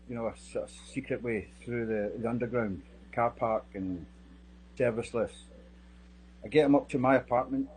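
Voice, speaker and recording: A middle-aged man, a security guard giving sworn testimony, recounting events in a halting way, often repeating and restarting his phrases. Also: mid-range voice, a little mellow, slight background noise, low-quality recording.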